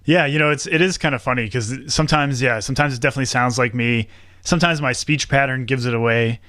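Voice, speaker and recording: A man of middle pitch talking casually as a podcast guest, chatty and quick to laugh as he explains things. His voice is close and dry, with no room around it. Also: pushed and bright, no room sound. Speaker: podcast producer and host, guest. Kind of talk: casual interview chat.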